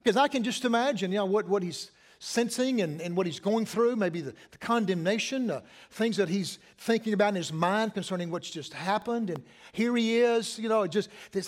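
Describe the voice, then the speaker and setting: A man's voice: sits high, fairly quick. A middle-aged man preaching a sermon as pastor, conversational, repeating phrases and asking the congregation questions.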